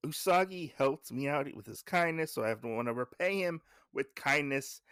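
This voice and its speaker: A man voicing a kindly old woman who speaks gently, with only a slight lift in his own voice. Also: fairly high pitch, animated, normal speed, dry recording, studio quality, pitched above the performer's own voice. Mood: gentle.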